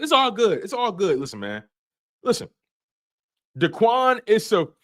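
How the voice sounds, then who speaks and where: Guy hosting a live sports show, high voice that jumps all over, ribbing the chat, aave. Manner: animated, teasing chat readers by name. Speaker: sports podcast host. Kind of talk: casual live stream talk.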